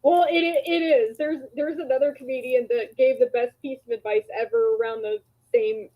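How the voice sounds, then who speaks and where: A woman's voice: sits high, moderate pace, muffled recording. A woman hosting a casual interview, teasing playfully and laughing along with her guest. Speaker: podcast host.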